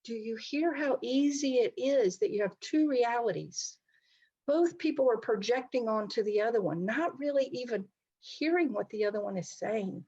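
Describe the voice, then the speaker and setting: A woman's voice: a little high, animated, moderate pace, darkish tone, breathy edge, muffled recording. A middle-aged woman counselor giving an online talk, speaking conversationally and addressing her listeners directly. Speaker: licensed counselor presenting a talk. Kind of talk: online presentation to a society.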